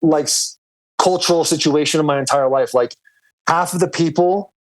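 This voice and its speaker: A man's voice: a little high, normal speed. A man co-hosting a podcast over a video call, talking loosely with lots of "like" and "dude". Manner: loose and rambling, full of "like" and "dude". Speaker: podcast co-host calling in from abroad. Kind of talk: casual chat.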